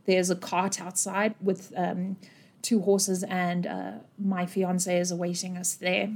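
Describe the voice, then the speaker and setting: A woman voicing a worried, powerful middle-aged male mayor who speaks gently and stammers. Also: lowish voice, monotone, measured pace. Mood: urgent.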